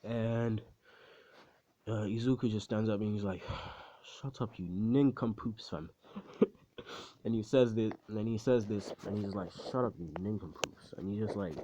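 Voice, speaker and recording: A man's voice: on the low side, fairly even intonation, normal speed, noisy background. Rambling, slangy man telling a story. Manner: rambling, slangy, laughing at his own jokes. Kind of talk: casual fan story retelling. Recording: slightly muffled recording.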